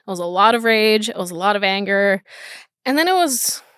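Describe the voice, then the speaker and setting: A woman's voice: medium pitch, lively intonation, fairly quick, a bit bright, clear, resonant tone, no echo, studio quality. Candid, swearing woman telling a story. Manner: candid, frequent swearing, many restarts. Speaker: podcast host. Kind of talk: casual personal storytelling.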